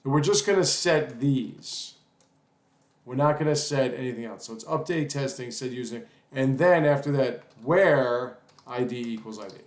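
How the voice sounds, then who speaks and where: A man's voice: mid-range voice, normal speed, reverberant. A man teaching a casual coding lesson while typing, rambling, apologizing, and cursing at his own mistakes. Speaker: coding tutorial instructor.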